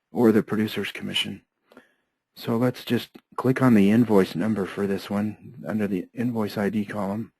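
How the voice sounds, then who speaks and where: A man teaching accounting software step by step, his voice hoarse and often interrupted by throat clearing. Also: lowish voice, dry recording, poor audio. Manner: steady, methodical step-by-step explaining. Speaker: software trainer. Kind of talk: screen-share software tutorial.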